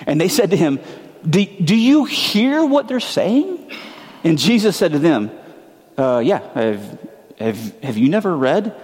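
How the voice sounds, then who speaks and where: A man's voice: on the high side, a little mellow, in a large hall. A man preaching a sermon in a casual, conversational way, with slang and frequent restarts. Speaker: pastor.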